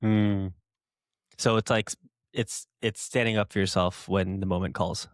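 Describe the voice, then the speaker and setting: A man's voice: low voice, steady tone, measured pace, dry recording. Enthusiastic podcast host man, dry sound. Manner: enthusiastic, filler-heavy riffing. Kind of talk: casual chat.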